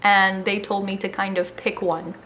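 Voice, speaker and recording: A woman's voice: medium pitch, flat delivery, normal speed, a bit bright, slight background noise. A woman in her early twenties from Miami, with a slight Miami accent, talking to a camera at home in a sassy, joking, casual way. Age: early 20s. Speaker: vlogger. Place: home in California. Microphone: camera mic.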